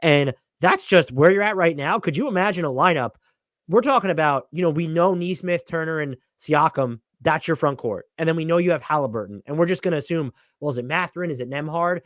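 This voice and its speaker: A man's voice: on the high side, brisk, a bit bright, dry recording. A young man co-hosting a casual podcast, giving strong opinions and thinking aloud. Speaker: podcast co-host. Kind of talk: casual basketball podcast chat.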